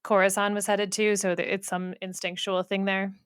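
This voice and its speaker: Animated podcast co-host, young woman, smooth clear voice, dry close recording. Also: mid-range voice, moderate pace, no room sound. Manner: animated and emphatic, gushing about the book. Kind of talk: casual book discussion.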